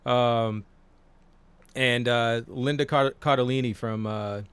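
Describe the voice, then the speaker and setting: A man's voice: mid-range voice, steady tone, slow, fairly bright tone, clear, resonant tone, no room sound. A man in his forties, co-hosting a podcast in casual chat, rambling and swearing with many fillers. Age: 40s. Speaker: podcast co-host.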